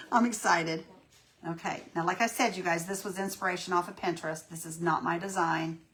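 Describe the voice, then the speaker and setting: A woman's voice: lowish voice, fairly even intonation, fairly quick, fairly bright tone. A woman hosting a casual live painting tutorial, folksy and chatty, greeting viewers by name and talking herself through each step. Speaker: craft livestream host.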